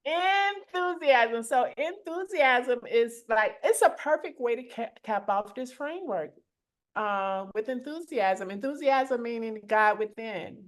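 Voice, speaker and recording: A middle-aged woman co-hosts a motivational live chat, with a voice pitched a little high. She talks in a playful, animated way and tells stories with gusto. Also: a little slow. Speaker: co-host.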